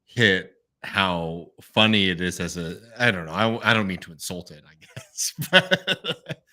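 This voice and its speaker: Low guy with a bright edgy voice, rambling guest, chuckles a lot. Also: animated, unhurried. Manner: rambling, chuckles mid-sentence. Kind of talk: casual chat. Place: Austin, Texas.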